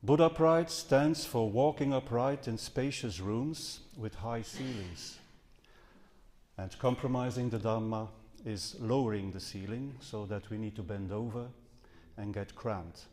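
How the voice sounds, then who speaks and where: A man's voice: lowish voice, unhurried, a little mellow, slight background noise. A man giving a Buddhist dharma talk to a live audience, speaking earnestly with some hesitations and self-corrections. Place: seminar house hall. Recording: long reverb from a hall.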